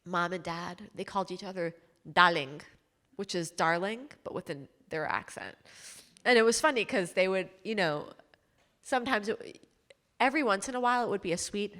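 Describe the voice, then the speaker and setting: A woman's voice: medium pitch, moderate pace, fairly bright tone. A woman author being interviewed on stage before an audience, speaking reflectively and openly about her emotions. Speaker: author and journalist guest. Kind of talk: onstage interview. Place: community stage event with audience.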